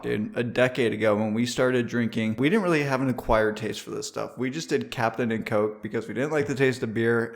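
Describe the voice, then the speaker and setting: Gravelly-voiced man in his late twenties. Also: mid-range voice. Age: late 20s. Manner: joking, swears freely. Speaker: podcast co-host. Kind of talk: casual podcast banter.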